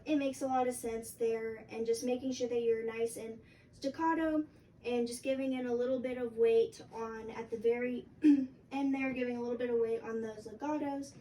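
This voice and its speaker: A woman's voice: on the high side, warm tone. Young woman teaching flute, mic far off. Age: young adult. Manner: casual, halting explanations with many fillers. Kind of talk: instructional music lesson. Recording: distant mic with faint background noise.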